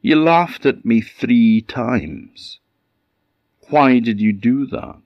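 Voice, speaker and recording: A man with an Orkney Scottish accent voicing a grumpy, impatient fisherman who snaps loud, exasperated questions. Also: medium pitch, drawn-out words, dry recording, dull audio, pitched above the performer's own voice.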